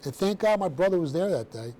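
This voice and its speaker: A middle-aged man telling his own story to a room of students in a blunt, streetwise, animated way, with casual slang. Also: high voice, fast. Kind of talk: personal storytelling talk to students.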